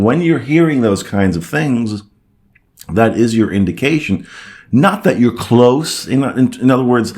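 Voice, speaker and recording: A man with a lowish voice talks through viewer questions in a relaxed coaching style. He reassures his listeners and keeps checking in with "okay?" and "you see". Now and then he mimics a nervous, doubting inner voice. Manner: acts out doubtful inner chatter. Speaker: host answering viewer comments. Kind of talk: casual coaching talk.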